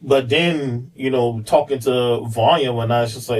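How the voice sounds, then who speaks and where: A man's voice: mid-range voice, normal speed, far from the mic, low-quality recording. A man on a podcast, candidly telling a personal story in a rambling way, full of fillers and repeats. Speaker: podcast guest, police officer.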